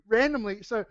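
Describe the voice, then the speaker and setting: A man's voice: very high-pitched, no room sound. A man chatting casually on a podcast, laughing often and restarting his sentences. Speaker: podcast co-host and metal band singer. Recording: dull lo-fi sound.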